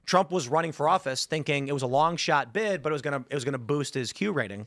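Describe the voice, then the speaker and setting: A man hosting a casual political panel, telling animated stories and acting out quotes. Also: on the high side, quick pace, no echo, clean studio sound. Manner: animated storyteller, acts out quotes. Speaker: host.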